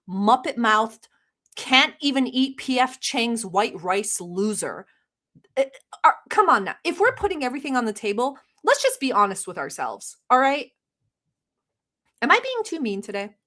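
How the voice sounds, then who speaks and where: A woman's voice: a little high, a bit bright. Blunt, sarcastic woman ranting on camera. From Middle East. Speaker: commentary channel host. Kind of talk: reaction commentary.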